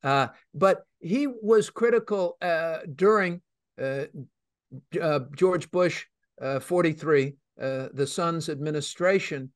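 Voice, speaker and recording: A man hosting a radio talk show, telling stories emphatically with many pauses and fillers. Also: on the high side, dry recording, clean studio sound. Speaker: host.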